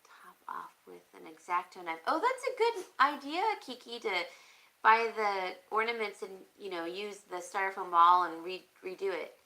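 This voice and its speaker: Bright-voiced chatty woman. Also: mid-range voice, animated, normal speed, rough recording. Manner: chatty, thinking aloud with frequent "um, let's see". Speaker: crafting channel host. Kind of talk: casual live-stream chat reading viewer comments.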